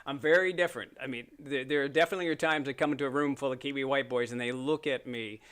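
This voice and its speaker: Bright-voiced joking Canadian man. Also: mid-range voice, fairly even intonation, fast, smooth. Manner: joking storyteller, laughs often, mimics voices. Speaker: podcast guest. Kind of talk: casual chat.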